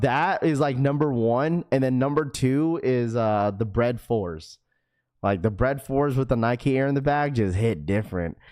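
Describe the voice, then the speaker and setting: A young man hosting a live stream, chatting casually with viewers in an energetic, slangy, talkative way. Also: mid-range voice. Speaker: livestream host.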